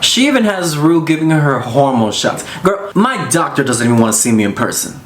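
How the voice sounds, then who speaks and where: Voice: medium pitch, very animated, a little fast, a little hiss or hum. A reaction video creator throwing sassy one-liners at the screen. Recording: roomy clip with music behind.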